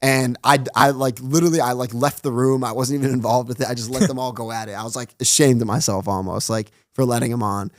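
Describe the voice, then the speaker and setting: A man's voice: mid-range voice, steady tone, no room sound, studio quality. A man on a podcast as a guest, telling stories in a casual way and acting out quoted lines, with constant "like" fillers. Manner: fast retelling, acts out quoted dialogue, heavy use of "like". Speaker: podcast guest, runs his own online show. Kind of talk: casual storytelling interview.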